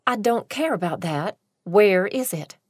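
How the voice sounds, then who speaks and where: A woman's voice: mid-range voice, lively intonation, measured pace, a little mellow, husky, no echo, studio quality. A woman voicing a brash, determined young female dancer in a storybook reading. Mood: insistent. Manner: brash, insistent.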